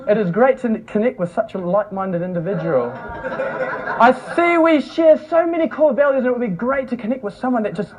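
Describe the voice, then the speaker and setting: A man's voice: very high voice, animated, fairly quick, voice pushed up. A man putting on a gushing, over-formal male networking spammer, on a dull lo-fi recording. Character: overly earnest man sending networking spam.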